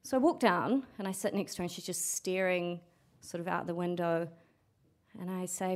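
Sweary, animated woman telling a story. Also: lowish voice, moderate pace. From New Zealand. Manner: frank, animated and sweary, acting out quotes. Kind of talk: live storytelling. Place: storytelling event stage.

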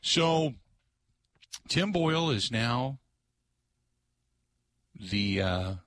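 A male sports radio host with a lively, swooping voice that stays bright and forceful. He talks in an excitable, casual way, looping back to the same stock phrases again and again. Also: mid-range voice, drawn-out words, dry recording. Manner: animated, excitable, repeats catchphrases.

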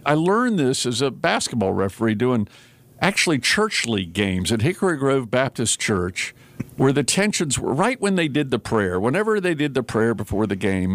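A man hosts a talk radio show into a studio microphone. He talks at a middling pitch, chatty and animated, and jumps into raised voices to act out what people said. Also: no echo. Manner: animated storyteller, acts out quotes in raised voices. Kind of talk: casual talk radio chat.

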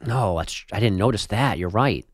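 A man's voice: lowish voice, expressive, moderate pace, no echo, clean studio sound. A man hosting a sports talk radio show, bantering in a wry, joking way. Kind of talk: casual on-air banter.

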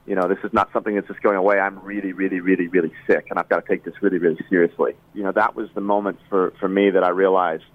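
Man, low voice, earnest and halting, thin phone-like sound, dry. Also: flat delivery, no echo. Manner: earnest, halting, with many restarts. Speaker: interviewed singer. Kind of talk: emotional personal interview.

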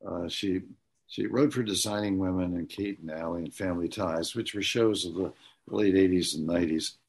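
A man speaking as an interview guest, telling stories in an earnest, halting way with many pauses. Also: low voice, steady tone, gravelly, darkish tone, slightly rough. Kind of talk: conversational storytelling.

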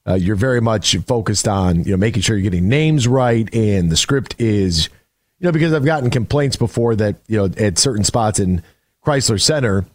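A man's voice: lowish voice, husky, dry recording, studio quality. A man hosting a sports radio show, rambling casually with many fillers. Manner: chatty, rambling, lots of fillers. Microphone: studio microphone.

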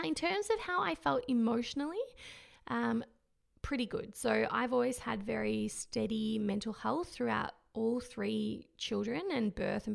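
Woman with a heavily creaky voice. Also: fairly high pitch. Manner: candid and reflective, with fillers and gentle laughs. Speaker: mother sharing her postpartum experience. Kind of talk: casual personal monologue.

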